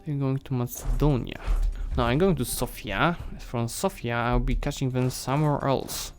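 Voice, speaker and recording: A man streaming a strategy game, thinking aloud and chatting to the nations and armies on screen, his voice going hoarse. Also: medium pitch, fairly even intonation, normal speed, faint music behind. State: losing his voice. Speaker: gaming streamer. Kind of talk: live strategy game commentary.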